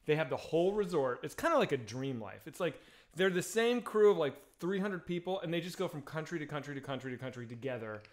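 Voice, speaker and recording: A man with a slightly higher voice, spinning a rambling story on a casual podcast stream. He talks in an animated, loose way, packed with fillers and profanity. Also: quick pace. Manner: animated, lots of fillers and laughs, swears freely. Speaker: podcast co-host.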